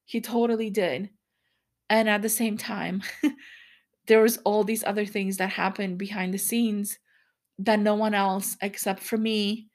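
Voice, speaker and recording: A woman in her thirties hosting a solo podcast, talking candidly and in a rambling way, often laughing as she speaks. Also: mid-range voice. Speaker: podcast host.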